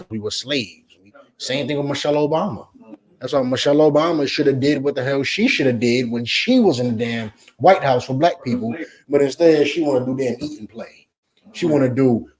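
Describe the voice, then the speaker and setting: A man with a New Jersey accent teaching scripture in an emphatic, profane style, swinging between loud outbursts and low asides. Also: brisk, poor audio. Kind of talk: street preaching lesson.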